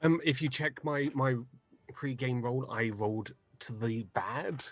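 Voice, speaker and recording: A man's voice: medium pitch, a little slow. A man in casual tabletop play, jokey and playful about his character. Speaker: player.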